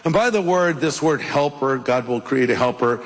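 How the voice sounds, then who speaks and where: A man's voice: mid-range voice, normal speed, in a large hall. A man preaching a sermon as pastor, explaining scripture with playful asides. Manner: jokey, puts on playful accents.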